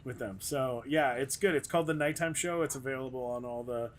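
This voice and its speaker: A man's voice: mid-range voice, a little fast, slight background noise. A man, a comedian, telling a rambling story in casual chat and acting out quotes in raised voices. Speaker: guest comedian.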